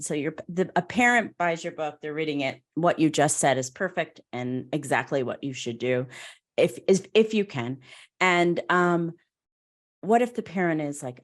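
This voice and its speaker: A middle-aged woman hosts a casual conversational interview in a notably low voice. She talks in a chatty, easygoing way, laughing now and then as she tells stories. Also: lively intonation, moderate pace. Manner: warm, chatty, often laughs and acts out quoted voices. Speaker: podcast host.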